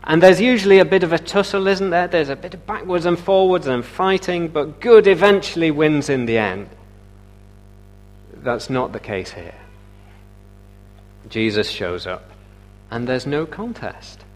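A man's voice: on the high side, a little slow, pauses often, soft background music. A man preaching a sermon in a conversational way, asking rhetorical questions and using many "uh" fillers.

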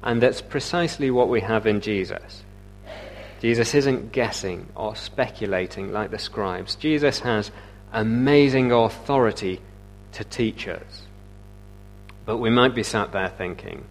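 Preacher with a conversational tone. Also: male voice, lowish voice, unhurried, faint music behind. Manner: conversational, rhetorical questions, frequent "uh" fillers. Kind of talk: sermon.

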